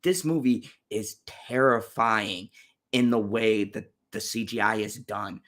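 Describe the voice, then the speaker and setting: A man's voice: lowish voice, takes it slowly, a bit bright. A man hosting a casual movie-review chat, ranting bluntly and profanely with frequent fillers and restarts. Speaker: channel host reviewing movies.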